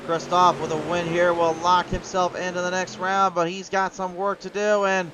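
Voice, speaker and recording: Guy from iowa calling an online truck race, fairly high voice, chatty, gets loud on the big moments. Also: normal speed, hardly any pauses, a little hiss or hum. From Iowa, USA. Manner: chatty, reads viewer chat aloud, rises to excited calls. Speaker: race commentator. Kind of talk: sim racing play-by-play commentary.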